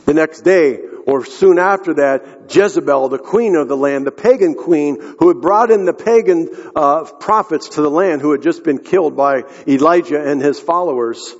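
A man's voice: fairly high pitch, moderate pace, hardly any pauses. A man preaching a sermon, telling a story earnestly and speaking directly to the congregation. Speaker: pastor. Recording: echoey hall, dull lo-fi sound.

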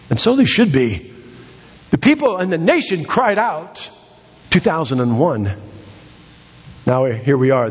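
An American man preaching a sermon in a church, emphatic, repeating phrases with sudden swings in pitch. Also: slightly rough. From United States. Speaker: pastor. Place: church sanctuary. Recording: dull sound with long hall reverb.

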